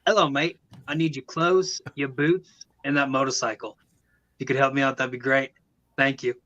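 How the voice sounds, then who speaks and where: A man's voice: medium pitch, level tone, moderate pace, pushed and bright, muffled recording, pitched below the performer's own voice, close to an everyday voice. A man putting on a joking, polite Australian-accented cyborg, asking nicely for clothes and a motorcycle. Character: Terminator-style male cyborg, doing a joking Australian accent.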